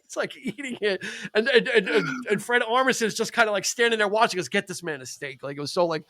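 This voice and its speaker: A man's voice: sits high, fast talker. A man co-hosting a casual podcast chat, retelling movie scenes with laughter. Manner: animated, acts out movie quotes with laughter. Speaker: podcast co-host.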